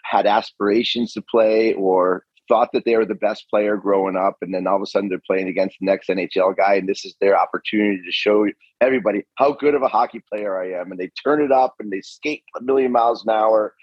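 A man's voice: fairly low pitch, fairly even intonation, quick pace, hardly any pauses, slightly rough, no room sound, lo-fi sound. A man co-hosting a podcast in casual chat, telling stories in a laid-back way. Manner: laid-back storytelling, laughs often. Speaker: podcast co-host.

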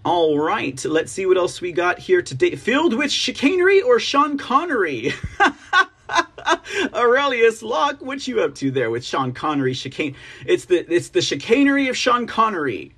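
A man's voice: high-pitched, sing-song, a little slow, gravelly, bright, forceful tone, breathy edge. A man hosting a political livestream news show, chatting casually, laughing often and reading viewer comments aloud.

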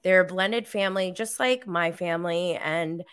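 A woman's voice: on the low side, normal speed, fairly bright tone, clean tone. A woman hosting a podcast, chatting casually through a live recap with many fillers and giggles. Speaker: podcast host.

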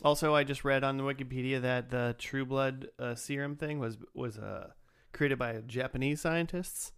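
A man's voice: medium pitch, steady tone, moderate pace, a bit bright, smooth. A man co-hosting a podcast in casual chat, joking and acting out lines from the show. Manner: jokey, acts out characters' lines in quotes. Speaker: podcast co-host.

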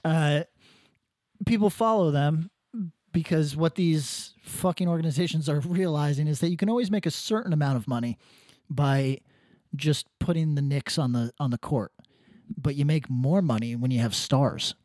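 A man co-hosting a podcast talks in a loose, rambling way, with sardonic asides and plenty of swearing. His voice sits a little high for a man. The sound is close and dry, with no room echo. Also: normal speed, a little mellow. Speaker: podcast co-host. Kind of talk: casual podcast chat.

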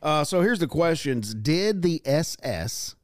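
Male podcast host, casual joking chat, animated delivery, dry close mic. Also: fairly high pitch, measured pace, no echo. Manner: joking, rambling, playful.

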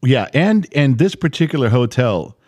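Middle-aged male co-host, lively pitch, blunt storyteller, dry close sound. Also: normal speed, no echo. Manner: animated storytelling, blunt, swears. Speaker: podcast co-host. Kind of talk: casual chat.

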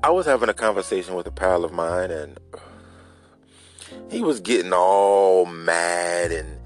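A man's voice: sits low, a little slow, faint music behind. A man hosting a casual solo podcast, telling a story in a loose, rambling way and talking straight to his listeners. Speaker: podcast host.

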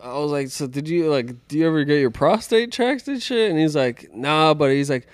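A man's voice: fairly high pitch, expressive, moderate pace, dry recording. A young man co-hosting a casual podcast, telling a crude workplace story in a rambling way and laughing often. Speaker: podcast co-host. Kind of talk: casual chat.

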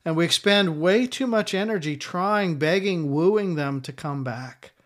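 A male pastor delivering a sermon, his voice sitting a little high for a man. He speaks emphatically and circles back to repeat his key lines for effect. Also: measured pace, a bit bright.

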